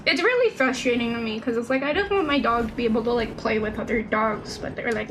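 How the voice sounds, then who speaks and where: A woman's voice: on the high side, fast, vocal fry, hardly any pauses, noisy background. A young woman streaming a game, chatting casually and rambling with lots of fillers and restarts. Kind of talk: casual gameplay stream chat.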